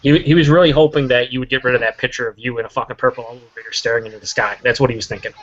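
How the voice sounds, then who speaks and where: A man's voice: mid-range voice, fairly even intonation, very fast, fairly bright tone. A man telling stories in profane, casual chat banter. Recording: lo-fi webcam audio.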